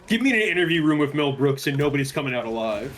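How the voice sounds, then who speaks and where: A man's voice: medium pitch, big pitch swings, fast talker, a little hiss or hum. A man co-streaming a game, joking and chatting casually, sometimes swearing. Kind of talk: casual chat while gaming.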